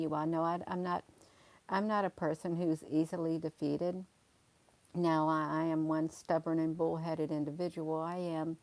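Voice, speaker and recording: A woman's voice: on the low side, darkish tone, dry recording. A woman, hosting a casual livestream and talking emphatically and repetitively to viewers, calling them honey. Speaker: livestream host.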